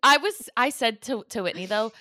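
Podcast co-host, woman, bright tone, dry close sound, animated storyteller. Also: on the high side, moderate pace, no room sound. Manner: animated storyteller, laughs often. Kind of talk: casual chat.

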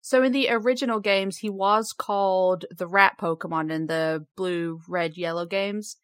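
A woman hosting a casual podcast, upbeat and quick to giggle as she reads out facts. Her voice sits at a middle pitch. The recording is dry and close. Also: fairly even intonation, no echo. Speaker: podcast host. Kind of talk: casual chat presenting facts.

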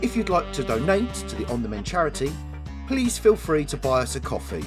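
A man tells a long joke in casual podcast chat, his pitch rising and falling a lot. He is an animated storyteller. Faint music plays underneath. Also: a little fast. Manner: lively storyteller, swings pitch widely. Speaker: podcast co-host.

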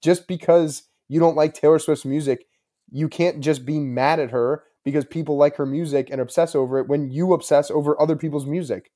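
Mellow-voiced young man arguing calmly. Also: a little high, fairly quick. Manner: pushes back, argues calmly. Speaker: podcast co-host. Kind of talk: casual podcast chat.

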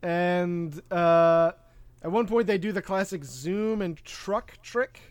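A man's voice: high-pitched, slow, no echo. A man co-hosting a podcast, recapping a film in a loose, rambling way with plenty of fillers. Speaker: podcast co-host. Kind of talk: casual movie chat.

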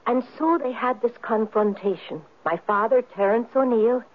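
A woman's voice: fairly high pitch, moderate pace, close to an everyday voice. An actress playing a young Irish woman telling a tale in a 1970s radio drama, with an Irish accent and an eager storytelling manner. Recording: narrow, tinny old radio broadcast.

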